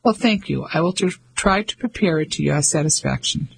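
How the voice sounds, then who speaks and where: A spirited English woman, frank and dryly witty, as a male narrator voices her with a lifted pitch. Brisk storybook dialogue. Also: vocal fry, a little hiss or hum, rough recording.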